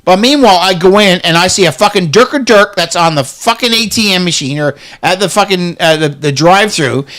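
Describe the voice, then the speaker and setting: Man, middle-aged, high voice, swearing, heated ranting, stammering. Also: animated, a little fast, hardly any pauses, a bit bright. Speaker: co-host. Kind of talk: casual chat.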